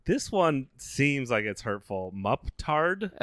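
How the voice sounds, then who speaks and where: A man in his thirties co-hosting a comedy podcast, low-key and dry, teasing quietly and reading things aloud. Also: background noise. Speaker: podcast co-host. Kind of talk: casual comedy chat.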